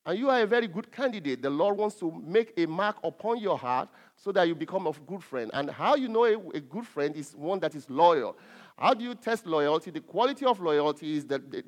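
Man preaching a sermon, fairly high voice, emphatic stresses, lots of fillers and restarts.

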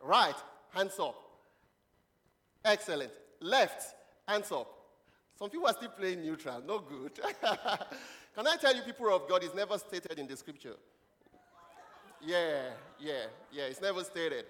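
Preacher with laughs in a reverberant church. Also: male voice, high-pitched, measured pace. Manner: lively, questioning the congregation, laughing often. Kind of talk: children's sermon with call-and-response. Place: church hall. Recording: long hall reverb.

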